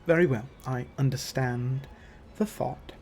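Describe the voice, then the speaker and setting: A man voicing an elegant, possessive elven patron woman who speaks softly and coaxingly, calling others darling. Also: mid-range voice, a little slow, gravelly, faint music behind. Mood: placating. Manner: purring, soft-spoken, keeps calling others darling.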